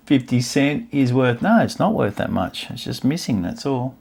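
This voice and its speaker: Leafing through an old album on his stamp collecting channel, a man chats casually, musing and readily delighted by his finds. His medium-pitched voice is gravelly, husky and a little mellow, very animated yet slow.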